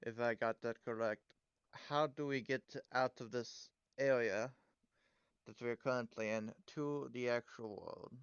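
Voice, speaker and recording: A man playing a tabletop game, asking slow, thoughtful questions. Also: medium pitch, clear, resonant tone, no room sound, muffled recording. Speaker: player. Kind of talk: casual tabletop play.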